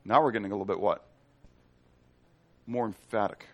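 A man's voice: on the low side, moderate pace. A man preaching a sermon in a casual, playful way, often acting out the people in his story. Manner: animated, playful, acts out quotes. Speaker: pastor.

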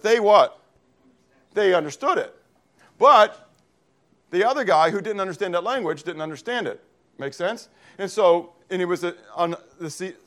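A man from Pennsylvania preaching a sermon in church as pastor, reading scripture and explaining Greek words, checking in with the congregation often. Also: high-pitched. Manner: teaching, checks in with frequent "okay?".

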